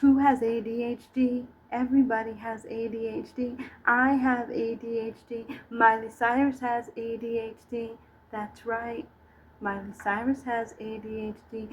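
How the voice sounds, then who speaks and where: A woman's voice: fairly high pitch, fairly even intonation, normal speed, highs cut off, slight background noise. A middle-aged woman giving a scattered, self-mocking comic monologue to camera. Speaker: vlogger.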